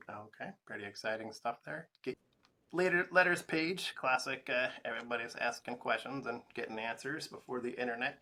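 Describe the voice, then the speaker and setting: A man hosting a relaxed comic-book podcast who reads out page numbers and riffs on the ads. His voice is bright and clear at a middle pitch. He jokes along with his co-host and uses plenty of fillers. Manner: walks through pages, joking, with fillers. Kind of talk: casual comic-book chat.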